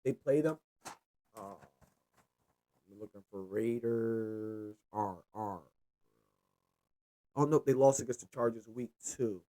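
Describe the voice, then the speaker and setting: A man's voice: medium pitch, takes it slowly, long pauses. A man hosting his own sports picks show, rambling loosely and cursing as he runs through the games. He speaks with in an easy, unscripted way. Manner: loose, profane, rambling, lively. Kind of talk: casual sports picks monologue.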